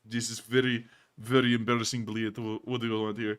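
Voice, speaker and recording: A man's voice: mid-range voice, level tone, brisk, close to an everyday voice. A man putting on a gloomy, self-pitying exiled Russian man with a mock Russian accent, muttering. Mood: mopey.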